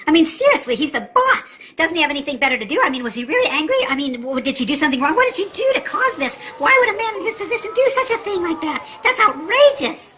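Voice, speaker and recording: A woman's voice: high-pitched, very animated, sharp tone, a little hiss or hum, heavily acted. A woman voicing a curious, nagging wife who fires off indignant questions. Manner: rapid-fire questions, indignant.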